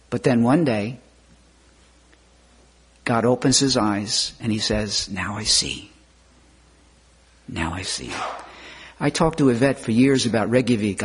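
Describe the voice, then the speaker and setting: A man with a medium-pitched voice preaches a sermon slowly and deliberately. He poses rising, emphatic questions and frequently clears his throat.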